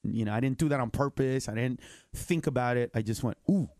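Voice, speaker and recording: A middle-aged male comedian telling stories in an animated way, jumping into voices with big swings in pitch. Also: a little fast, dry recording, clean studio sound. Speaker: comedian guest. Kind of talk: comedic storytelling.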